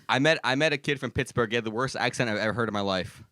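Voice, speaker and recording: A man's voice: mid-range voice, very fast, sharp tone, dry recording, clean studio sound. Rambling man saying dude a lot. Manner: rambling, self-correcting, says dude a lot. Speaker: podcast co-host. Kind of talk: casual comedy podcast chat.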